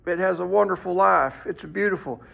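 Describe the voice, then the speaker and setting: Smug bragging devil guy a man puts on in class, bright gravelly voice. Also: sits high, normal speed, heavily acted. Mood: boastful. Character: boastful male devil showing off his rat.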